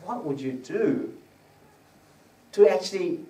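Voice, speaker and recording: A man's voice: high-pitched, lively intonation, slow, a crowd in the background. Echoey, distant male preacher teaching. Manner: conversational, quizzes listeners, raises his voice for scripture quotes. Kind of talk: teaching sermon. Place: prayer gathering room. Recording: echoey room, distant mic, faint hiss.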